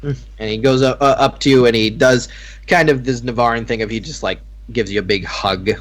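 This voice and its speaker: Male game master, mid pitch, casual rambling narration. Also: fairly even intonation, fairly quick. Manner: rambling, filler-heavy narration.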